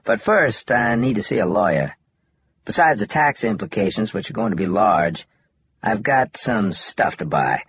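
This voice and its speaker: A man voicing a wry, easygoing young man in an audiobook, in a husky, laid-back joking manner. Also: fairly low pitch, expressive, moderate pace, a bit bright, exaggerated voice. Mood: relaxed, wry. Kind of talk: audiobook dialogue.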